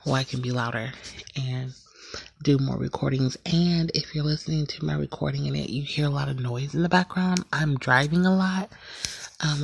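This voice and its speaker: A woman hosting her own podcast in a casual, candid chat, laughing at herself now and then, talking quietly at night in a shared house. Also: rumbling low, creaky, slightly rough, dry recording. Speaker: podcast host.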